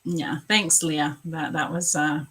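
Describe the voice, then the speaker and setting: A woman's voice: low-pitched, steady tone, takes it slowly, a bit bright, breathy edge, low-quality recording. A woman psychic medium talks straight to her viewers during a live reading. Her speech is gushing and heartfelt, and she drifts from thought to thought with plenty of fillers. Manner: effusive, emotional, rambling with fillers. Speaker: psychic medium and spiritual coach.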